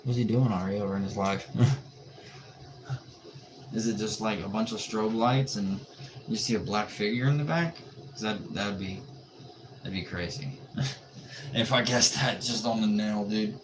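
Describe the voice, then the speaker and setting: A tired man with a low voice hosts a late-night livestream, reading comments and joking back in an easygoing way. His audio comes through with clear background noise. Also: measured pace, pauses often. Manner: laid-back, joking, reads and answers chat comments. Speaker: livestream host.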